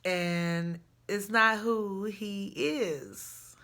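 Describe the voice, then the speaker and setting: A woman telling a personal story in a chatty, animated way, jumping high with excitement in places. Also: extremely slow.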